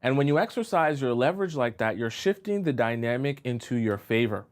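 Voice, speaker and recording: A man's voice: medium pitch, lively intonation, brisk. A man giving dating advice as a coach on a live stream. He speaks emphatically and often checks in with "right?" and "okay?".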